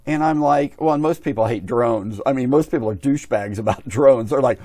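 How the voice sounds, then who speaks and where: A middle-aged aviation hobby vlogger tells a long, casual story in a mellow, mid-range voice at normal speed. He rambles, repeats himself, and quotes other people in his own voice. There's no echo.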